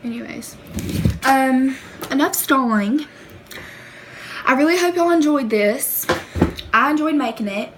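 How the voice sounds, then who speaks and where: A woman's voice: high-pitched, animated, a little slow, pauses often, noisy background. A woman with a Southern US accent chatting in a casual storytime vlog, rambling with lots of fillers, giggly and self-deprecating. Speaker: vlogger.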